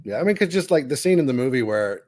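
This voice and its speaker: Relaxed man chatting with friends. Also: mid-range voice, fast, no room sound. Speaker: podcast co-host. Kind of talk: casual chat.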